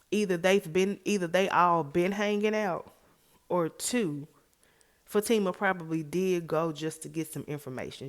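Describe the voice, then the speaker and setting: A woman with a low, deep-set voice talks through a TV episode in a casual vlog recap. She is chatty and opinionated, pressing her points with emphasis. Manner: chatty, retells scenes by acting out the characters' lines. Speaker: TV recap vlogger.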